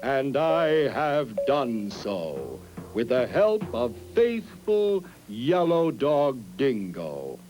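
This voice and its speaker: Man doing grand old-world male god, lofty, unhurried, lilting, storybook. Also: mid-range voice, huge pitch swings, over music, heavily acted. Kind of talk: storybook reading.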